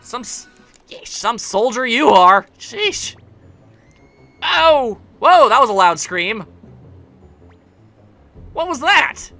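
A man's voice: extremely high pitch, big pitch swings, takes it slowly, long pauses, bright, forceful tone, dry recording, soft background music. A man giving casual let's play commentary, rambling and sarcastic, joking at the game's characters.

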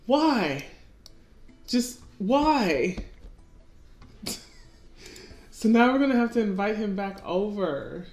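A woman's voice: on the low side, a little mellow. A woman casually commenting on her gameplay and talking to her characters. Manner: chatty, talks to her game characters. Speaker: let's-play gamer. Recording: echoey room with faint music.

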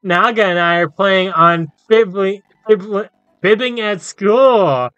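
A man's voice: high voice, a little slow, fairly bright tone, smooth, no echo, lo-fi sound, soft background music, voice pushed up. A man voicing a playful young girl student from a game, reading her lines in a raised voice. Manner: reads the character's lines in a raised voice.

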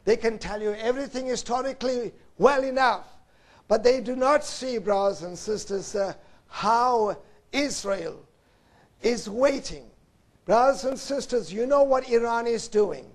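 A man with a very high-pitched voice preaches a sermon at a slow, deliberate pace. He swings between loud, emphatic lines and hushed, low passages, and he keeps calling out to his listeners as brothers and sisters. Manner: repeats "brothers and sisters" as an address.

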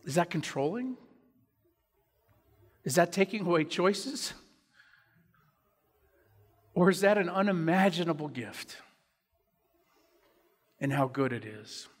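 Male pastor, earnest storytelling sermon, high voice, echoey sanctuary. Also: expressive, slow, pauses often. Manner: earnest, personal storytelling preaching. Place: church sanctuary.

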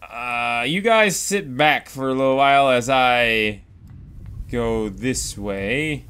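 A man's voice: mid-range voice, takes it slowly, fairly bright tone, clean tone. A man giving casual commentary over his own game playthrough, goofy and rambling, exclaiming at what happens on screen. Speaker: Let's Play gamer.

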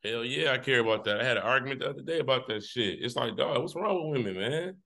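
A man's voice: medium pitch, lively intonation, fast talker, creaky, pushed and bright. A man co-hosting a podcast, joking crudely and animatedly in casual group banter. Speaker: podcast co-host.

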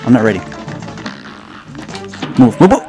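A man casually commenting on his own gameplay, joking at himself and repeating words as he plays. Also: mid-range voice. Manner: jokey, self-mocking, repeats words. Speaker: gaming channel host. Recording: game music playing behind.

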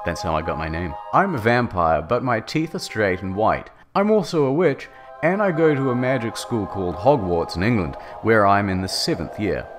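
A man's voice: fairly low pitch, very animated, normal speed, music in the background. A man narrating a comedic dramatic reading, mock-dramatic with sardonic asides.

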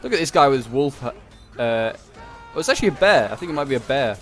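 A man's voice: medium pitch, lively intonation, quick pace, fairly bright tone, soft background music. A man giving casual, rambling commentary on a strategy game battle, correcting himself and tossing in joking asides. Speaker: gameplay commentator.

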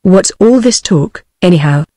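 A man's voice: high voice, animated, normal speed, mellow, dry recording, clean studio sound. Woman's synthetic voice reading a protective angry husband. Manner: abrupt, angry, demanding. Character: protective young husband, contemptuous and demanding.

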